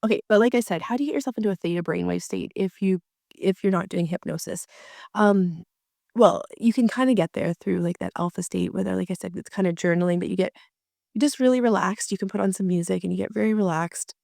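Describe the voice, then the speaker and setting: A woman's voice: mid-range voice, quick pace, vocal fry, dark tone, no room sound, clean studio sound. A woman working as a marriage coach, talking casually and chattily with many fillers and restarts.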